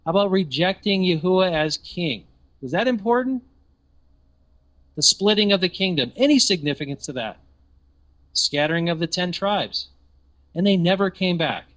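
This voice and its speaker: Man preaching, emphatic, rhetorical questions, slightly high voice. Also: lively intonation, normal speed, pauses often, fairly bright tone, dull audio. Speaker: teacher. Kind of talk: sermon-style teaching.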